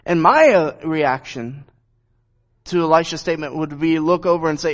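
A man's voice: on the high side, normal speed. A man reading scripture and then preaching on it in an earnest, emphatic way. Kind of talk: Bible reading and sermon. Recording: dull lo-fi recording.

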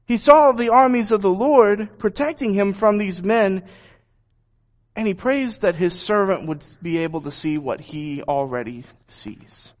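Brief: earnest male preacher reading and explaining scripture, high voice, dull lo-fi sound. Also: unhurried. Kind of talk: Bible reading and sermon. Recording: dull lo-fi recording.

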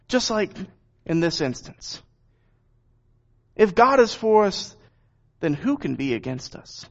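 A man's voice: sits high, very animated, takes it slowly, long pauses. A man reading scripture and then preaching on it in an earnest, emphatic way. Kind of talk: Bible reading and sermon. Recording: dull lo-fi recording.

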